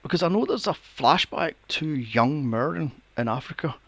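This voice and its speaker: A man's voice: fairly high pitch, lively intonation, normal speed, a bit bright, husky, no room sound. A man co-hosting a podcast in casual chat, telling a story with lots of swearing and laughter. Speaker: podcast co-host.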